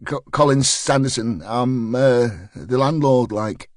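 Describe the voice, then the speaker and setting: A man's voice: medium pitch, slow, no echo, clean studio sound, lightly acted. A man doing a stammering pub landlord. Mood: nervous gossip. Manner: stammering, chatty, dialect-heavy. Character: nervous gossipy male northern pub landlord.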